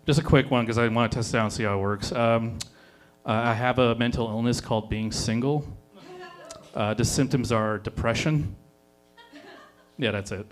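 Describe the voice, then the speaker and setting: A man's voice: medium pitch, moderate pace, long pauses. A man doing short, dry one-liners as a stand-up comic on a live stage. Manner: dry, short deadpan setups. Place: live comedy venue stage.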